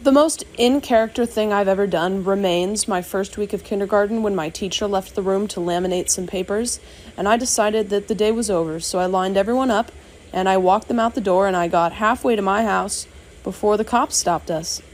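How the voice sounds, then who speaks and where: A woman telling a short, wry anecdote about herself in a deadpan way. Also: mid-range voice, fairly quick, slight background noise, rough recording. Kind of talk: casual anecdote.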